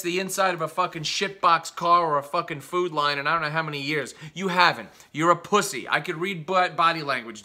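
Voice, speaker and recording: A man's voice: a little high, bright, forceful tone. A male comedian delivering an angry, profane, mocking comedy rant.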